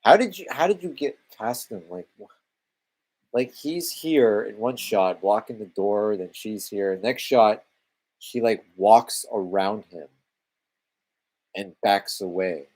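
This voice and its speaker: A man's voice: fairly low pitch, slow pace, darkish tone. A man with a Canadian accent giving exasperated, sarcastic live commentary over a film, swearing freely. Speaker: movie commentary live-streamer.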